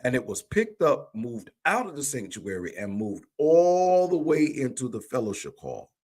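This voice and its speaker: A man's voice: mid-range voice, huge pitch swings, normal speed, darkish tone. A man in a livestream conversation, telling a church story with animation and acting out the dialogue. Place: remote livestream call.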